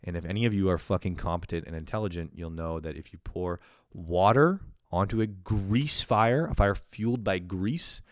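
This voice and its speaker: A man's voice: sits low, moderate pace, no echo, clean studio sound. A young man in his twenties, a podcast host telling a rambling story and ranting with constant swearing and laughter. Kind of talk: profane comedic rant.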